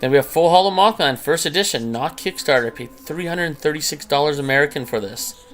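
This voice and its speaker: A man's voice: fairly high pitch, brisk, fairly bright tone. A man casually commenting on his own past card purchases in a chatty, incredulous way, often laughing at himself. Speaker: trading card collector and channel host. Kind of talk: casual commentary over a screen recording.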